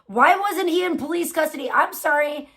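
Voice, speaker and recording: A woman's voice: high-pitched, normal speed, vocal fry, a bit bright. A woman hosting a casual livestream, chatting with viewers in a blunt, profane, heated way. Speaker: livestream host. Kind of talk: casual live-stream chat with viewers.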